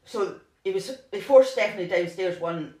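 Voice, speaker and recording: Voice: medium pitch, moderate pace, a little mellow. Podcaster with a roomy echo. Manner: rambling, lots of "like" and restarts. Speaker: podcast co-host. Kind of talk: casual true-crime storytelling.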